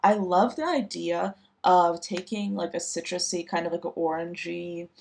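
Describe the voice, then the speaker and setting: A woman's voice: lowish voice, normal speed, gravelly, darkish tone. A young woman reviewing new perfume releases in a casual, chatty way, with lots of fillers and restarts. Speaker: fragrance reviewer.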